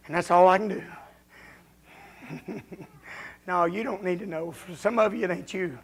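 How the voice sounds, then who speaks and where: A man preaching a folksy, confrontational revival sermon as a visiting preacher in a church, building up to shouting. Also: high-pitched, normal speed, pauses often. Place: church during a revival service.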